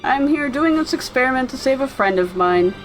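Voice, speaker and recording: A woman voicing an anxious, earnest young man who talks a lot to calm his nerves. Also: high voice, fairly quick, soft background music, rough recording.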